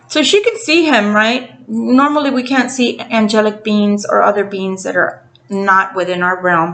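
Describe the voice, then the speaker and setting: A woman tarot reader casually retelling a story to the camera in an animated way, acting out the quotes. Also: medium pitch, vocal fry. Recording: roomy echo.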